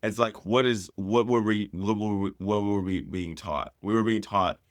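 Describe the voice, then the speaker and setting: A man's voice: lowish voice, fairly even intonation, moderate pace, no room sound, clean studio sound. A man, a drag performer, telling stories in a casual interview and acting out the voices of people he quotes.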